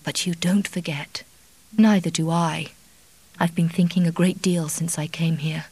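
A woman's voice: sits low, steady tone, measured pace, darkish tone, husky, no echo, exaggerated voice, low-quality recording. A woman reading the part of a remorseful, anxious young wife who speaks earnestly and pleadingly.

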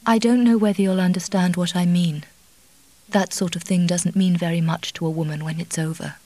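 A woman's voice: lowish voice, steady tone, a little fast, mellow, no echo, natural voice, rough recording. A woman reading the part of a remorseful, anxious young wife who speaks earnestly and pleadingly.

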